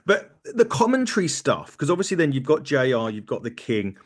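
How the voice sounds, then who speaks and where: A man hosting a podcast, asking relaxed, conversational questions. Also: on the high side, fairly quick. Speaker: podcast host. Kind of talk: casual interview.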